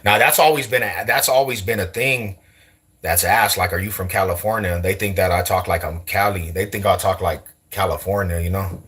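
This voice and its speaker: A man's voice: sits low, normal speed. A young man from Denver with an East Side Denver accent, talking casually and slangily to camera as a vlogger. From Denver, USA. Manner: slangy, loose, animated, laughs often. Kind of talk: casual street talk to camera.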